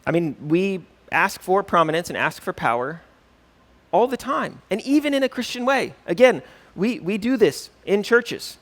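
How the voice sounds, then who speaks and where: A man's voice: sits high, big pitch swings, moderate pace, a bit bright. A male pastor teaching a church class in a conversational way, often checking in with "right?" and reading scripture aloud with rising emphasis. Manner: conversational, keeps asking "right?".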